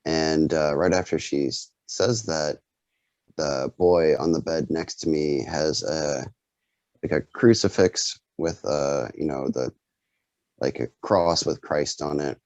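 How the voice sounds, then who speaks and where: A man's voice: very deep voice, takes it slowly, a little mellow, no echo. A man casually recounting a story in a loose way with fillers, over dry, dull video call audio. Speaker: group member telling a dream.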